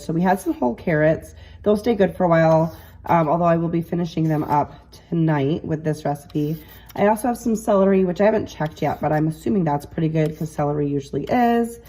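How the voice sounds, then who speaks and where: A woman's voice: fairly low pitch, dark tone. A woman in her thirties from New York, chatting casually in her kitchen while cooking, a bit congested with a slightly nasal voice. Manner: chatty, rambling, many fillers. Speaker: cooking vlogger. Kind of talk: casual chat. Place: home kitchen.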